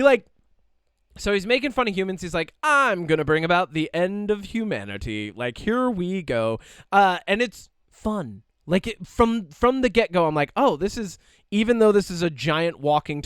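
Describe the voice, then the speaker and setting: A man's voice: fairly high pitch, clean tone, dry recording, clean studio sound. A man co-hosting a podcast in casual chat, rambling animatedly with lots of fillers and quoted asides. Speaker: podcast co-host.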